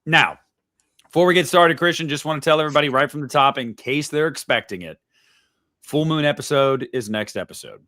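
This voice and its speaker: A man's voice: on the high side, a little fast, bright, forceful tone, no room sound. Chatty upbeat man, dry close voice. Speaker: podcast host. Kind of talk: casual chat.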